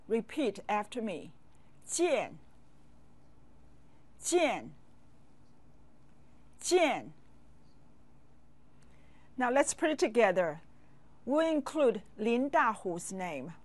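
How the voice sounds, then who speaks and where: A woman teaching a language lesson, speaking slowly and patiently and pausing for learners to repeat after her. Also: fairly high pitch. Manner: slow, patient drills with pauses for repeating.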